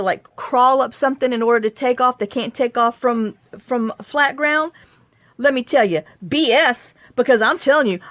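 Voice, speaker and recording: A woman telling a story in a casual vlog, animated and acting out the quotes. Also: on the high side, no echo. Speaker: crafting vlogger.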